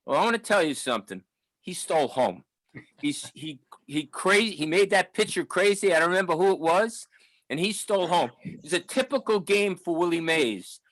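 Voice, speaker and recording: A seventies-aged man reminisces in a loose, rambling way, full of fillers and restarts. His voice sits a touch higher than most men's. The sound is close and dry, with no room around it. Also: lively intonation, normal speed, a bit bright, dry recording, rough recording. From New York, the Bronx. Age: 70s. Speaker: audience member at a book talk. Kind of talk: casual storytelling.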